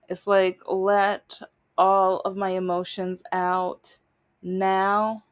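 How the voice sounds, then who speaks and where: A woman's voice: mid-range voice, monotone, slow, clear, resonant tone. A young adult woman vlogging, telling a personal story in a rambling, emphatic way, often trailing off and restarting. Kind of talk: casual storytelling monologue.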